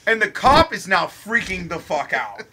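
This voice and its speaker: A young man from Ohio telling a wild story while playing a game, swearing constantly and animated. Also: high-pitched, moderate pace, crowd noise. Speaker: let's play co-host. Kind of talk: profane storytelling during a game.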